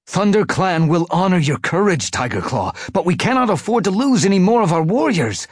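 A man's voice: high-pitched, very animated, normal speed, husky, no room sound, clean studio sound, pitched above the performer's own voice, full character voice. Redtail, a man voicing a yowling tomcat warrior. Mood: urgent. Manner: urgent, yowling. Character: urgent red-tailed tomcat warrior.

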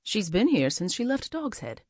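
A woman voicing a calm, teasing young male mage in an audiobook, gentle but firm in tone. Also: mid-range voice, normal speed, breathy edge, no room sound, clean studio sound. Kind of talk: audiobook character voice.

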